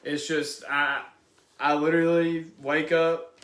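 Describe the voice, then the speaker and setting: A man's voice: a little high, flat delivery, slow, a bit bright, reverberant. A young man chatting casually and reading viewer comments aloud during a live video. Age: young adult. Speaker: chat reader.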